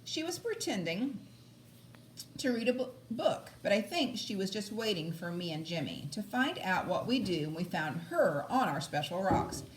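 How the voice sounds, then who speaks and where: A woman reading a children's book aloud, lively and expressive with small stumbles. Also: mid-range voice, moderate pace, reverberant, slight background noise. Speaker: audiobook reader. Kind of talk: storybook read-aloud.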